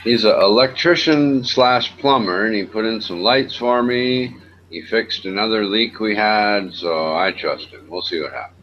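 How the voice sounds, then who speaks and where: A man chatting casually in a low-key, dry, matter-of-fact way. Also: measured pace, fairly bright tone, lo-fi sound, a little hiss or hum. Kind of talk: casual chat.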